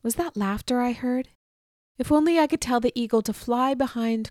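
A woman reading a first-person audiobook chapter aloud in a steady, measured way, dropping to soft asides now and then. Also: fairly high pitch, no echo, clean studio sound. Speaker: audiobook narrator.

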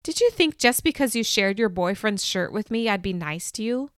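A woman's voice: medium pitch, expressive, moderate pace, clear, resonant tone, no room sound, clean studio sound, close to an everyday voice. A woman voicing a small, menacing girl who speaks with cold contempt in a storybook reading. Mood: scornful. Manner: contemptuous, threatening.

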